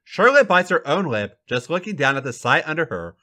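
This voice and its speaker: A man hosting a podcast, reading a fan fiction story aloud with an animated, dramatic delivery. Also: fairly high pitch, brisk.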